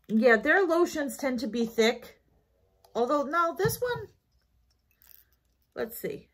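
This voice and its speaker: A woman's voice: fairly high pitch, fairly bright tone. A tired woman with a New York accent, rambling through a casual shopping haul vlog with lots of fillers and self-corrections. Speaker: haul vlogger.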